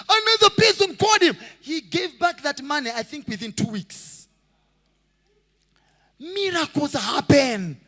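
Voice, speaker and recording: A male pastor preaches with a very high, lively voice that swoops up and down. His tone is bright and forceful, and it rings with a long reverb from the hall. He shouts and sings out phrases and acts out the people in his stories. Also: a little slow. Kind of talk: sermon.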